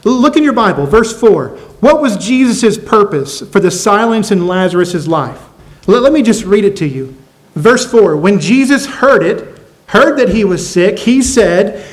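Pastor guy preaching, pretty high voice, earnest, keeps asking the folks questions. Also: animated, a little slow, poor audio. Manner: earnest preaching, repeats phrases, asks the congregation questions. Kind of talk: sermon.

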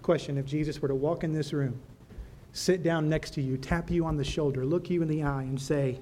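A man's voice: fairly high pitch, fairly even intonation, fairly quick, mellow, slight background noise. A man preaching a sermon to a live congregation as pastor, repeating rhetorical questions and telling a story to drive his point home. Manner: tells a story to make a point.

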